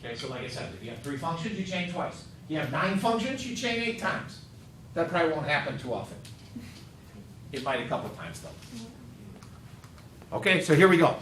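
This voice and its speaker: A man's voice: fairly high pitch, very animated, normal speed, pauses often, fairly bright tone, a little hiss or hum. A male math teacher lecturing a class, quizzing students with upbeat joking asides. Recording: echoey classroom, mic far off.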